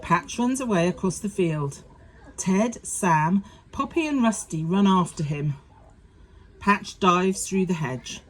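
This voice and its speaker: A woman reading a children's farmyard story aloud in a slow, sing-song telling. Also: on the low side, expressive. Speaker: storybook narrator.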